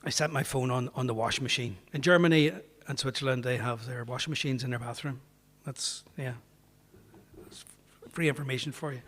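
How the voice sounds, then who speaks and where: A man's voice: medium pitch, a little fast, a bit bright. A man with a Northern Irish accent, a pastor telling a humorous story to an audience in a chatty, anecdotal way. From Northern Ireland. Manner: anecdotal, chatty, acts out quoted voices. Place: parish hall. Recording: reverberant parish hall.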